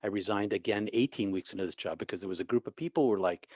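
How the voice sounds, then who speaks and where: Animated male guest, low dry voice. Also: a little fast, dry recording. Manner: animated, restarts often, acts out quoted people. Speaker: guest, author and former minister. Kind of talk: storytelling interview.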